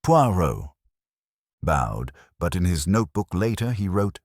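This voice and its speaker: A man giving scripted narration of a mystery in a measured storytelling manner. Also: low voice, big pitch swings, darkish tone, no echo, studio quality.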